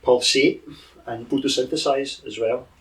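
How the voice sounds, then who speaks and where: A man's voice: medium pitch, steady tone, a little slow, distant mic, low-quality recording. A man running a tabletop game as game master, describing scenes in a rambling, hesitant way.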